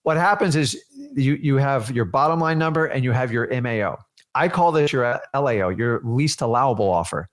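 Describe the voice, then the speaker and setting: Energetic man coaching with rhetorical questions. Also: fairly high pitch. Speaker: real estate wholesaling coach. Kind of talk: teaching a seminar.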